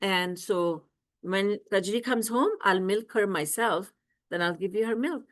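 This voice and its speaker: A woman voicing a gentle, patient mother who coaxes her little son. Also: medium pitch, measured pace, close to an everyday voice. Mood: coaxing. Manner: soothing and coaxing.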